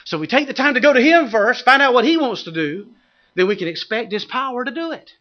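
Man, middle-aged preacher, bright voice, sermon with anecdotes, animated delivery. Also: extremely high pitch, a little fast. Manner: animated, humorous storytelling that builds to shouted exhortation. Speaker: pastor.

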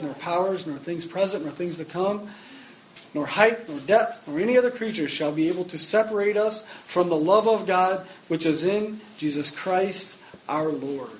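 A man preaching a sermon, emphatic, getting louder on repeated words. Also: on the high side, a little hiss or hum, poor audio.

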